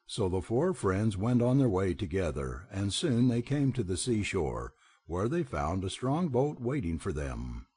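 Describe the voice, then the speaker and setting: Male audiobook reader, storybook narration, low husky voice, lively delivery. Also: a little slow. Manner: expressive, animated reading.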